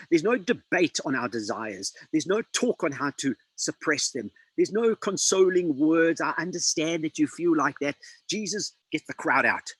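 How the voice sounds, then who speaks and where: Preacher, male, slightly raised pitch, breathy edge; dramatic sermon delivery, slow emphatic pauses on scripture. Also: expressive, fairly bright tone, no room sound, poor audio.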